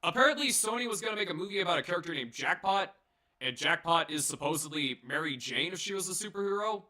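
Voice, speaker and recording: Young male reviewer, somewhat high, very bright tone; loose, profane, jokey delivery full of "uh"s. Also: animated, fast. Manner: rambling, profane, jokey, many fillers and restarts. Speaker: movie reviewer. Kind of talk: casual solo review.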